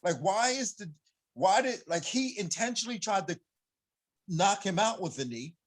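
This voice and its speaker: A man with a fairly high voice that swings up and down as he gets fired up, talking as an MMA coach guesting on a podcast. He argues with heat and emphasis and breaks into laughter. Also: lively intonation, moderate pace. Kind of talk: casual podcast chat.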